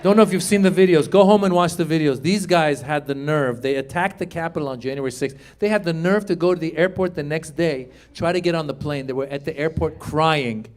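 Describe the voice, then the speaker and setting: High-voiced man doing loud stand-up. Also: a little fast, hardly any pauses. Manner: energetic, jumps to loud shouted punchlines and acted voices. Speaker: stand-up comedian. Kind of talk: stand-up comedy set. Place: comedy stage with a live audience. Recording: live club recording, audience laughter and faint noise.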